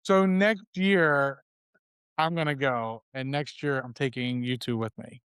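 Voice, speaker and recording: A man co-hosting a podcast who chats casually and often trails off quietly at the ends of his sentences. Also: medium pitch, fairly even intonation, a little slow, clean tone, no echo, studio quality. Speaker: podcast co-host. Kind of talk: casual chat.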